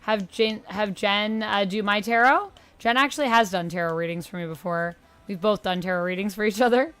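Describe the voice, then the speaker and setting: A woman's voice: medium pitch, a little fast, fairly bright tone, clean tone, faint music behind. A woman hosting a casual tarot livestream, chatting and greeting viewers as she lays out her decks. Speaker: livestream host reading tarot.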